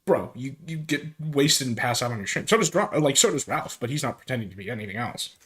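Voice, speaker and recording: A man's voice: medium pitch, lively intonation, fast talker, a bit bright, breathy edge. A man streaming, reacting to a call-in argument with loose, amused commentary. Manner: amused, loose, laughs often.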